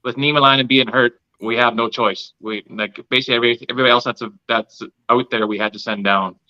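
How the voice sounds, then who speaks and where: A man joining a podcast as a guest, explaining his point quickly and thinking aloud. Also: medium pitch, fairly even intonation, sharp tone. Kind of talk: casual podcast chat. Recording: dull lo-fi sound.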